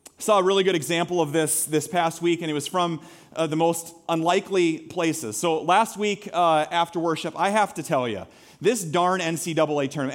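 A man preaching a sermon to his congregation, animated and conversational, asking the crowd questions and poking fun at himself. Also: a little high, moderate pace. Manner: animated, conversational, self-mocking humor with audience questions. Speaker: pastor. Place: church sanctuary.

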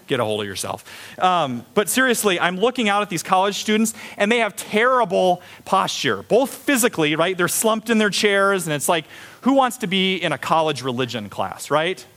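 A middle-aged male pastor preaching a sermon, animated, acting out little voices of the people in his stories. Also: sits high, normal speed. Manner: animated, acts out voices of kids and students.

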